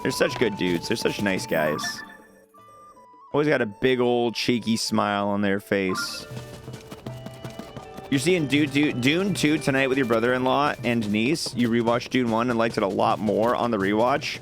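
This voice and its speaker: A young man talks casually over his game stream, upbeat and jokey as he reacts to his chat. His voice sits at an ordinary middle pitch. Game music plays clearly behind him. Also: a little slow. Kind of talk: casual gameplay commentary, reading chat.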